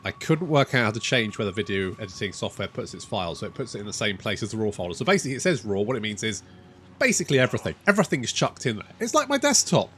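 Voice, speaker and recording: A man's voice: lowish voice, big pitch swings, racing, fairly bright tone, slight background noise. A man giving casual, rambling let's-play commentary over a strategy game, swearing freely and poking fun at himself. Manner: rambling, sweary, self-mocking. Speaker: gaming YouTuber.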